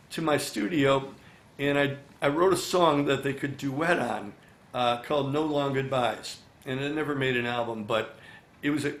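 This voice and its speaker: Older man telling stories in a roomy studio. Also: fairly high pitch. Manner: chatty, animated, acts out quoted dialogue, many "you know" fillers. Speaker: songwriter and musician, interview guest. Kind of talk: casual interview storytelling. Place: his recording studio.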